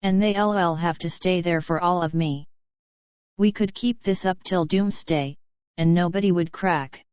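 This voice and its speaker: A bluff, easygoing male team leader, as a woman narrator reads him in an audiobook. He teases his rivals in a low, smooth voice. The recording is dry and slightly muffled. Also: measured pace, darkish tone, no echo, natural voice. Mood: easy, joking.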